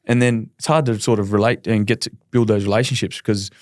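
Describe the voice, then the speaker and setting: Fast-talking Australian man, candid and laid-back. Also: on the low side, fairly even intonation, a little mellow, no room sound, studio quality. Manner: rapid, candid, laid-back with frequent ums. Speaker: podcast guest, professional footballer. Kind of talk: casual storytelling chat.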